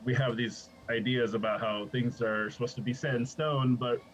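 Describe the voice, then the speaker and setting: A man co-hosting a casual podcast who rambles through his ideas, laughs often and keeps asking "right?" as he goes. His voice sits at an ordinary middle pitch, with a faint hiss behind it. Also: steady tone, normal speed, rough recording. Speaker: podcast co-host. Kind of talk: casual chat.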